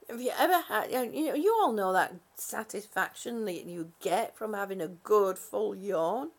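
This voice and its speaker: A woman's voice: mid-range voice, expressive, unhurried. A worn-out, sleepy woman hosting a casual live stream, reading out viewer comments in a rambling, giggly way. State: exhausted, sleepy.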